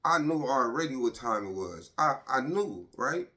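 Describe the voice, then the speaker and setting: A man in the middle of his pitch range speaks straight to the camera, telling a painful story of loss. His delivery is halting and repetitive, full of "right?" and "you know", and it turns heavy with emotion. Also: sing-song, sharp tone.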